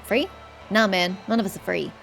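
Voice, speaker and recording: A woman's voice: mid-range voice, moderate pace, gravelly, a bit bright, soft background music, poor audio. A woman voicing a wheedling, sly male raider locked in a cage, coaxing and hissing his words.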